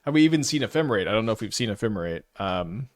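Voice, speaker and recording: A man's voice: lowish voice, expressive, rapid-fire, no echo, studio quality. A man giving casual live commentary while playing a card game, stuttering and restarting often as he thinks aloud. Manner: stutters, many restarts and fillers.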